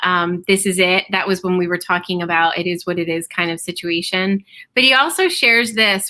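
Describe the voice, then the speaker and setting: A woman's voice: lowish voice, moderate pace, sharp tone. A woman hosting a live-streamed interview, encouraging her guest and reading viewer comments aloud. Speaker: host.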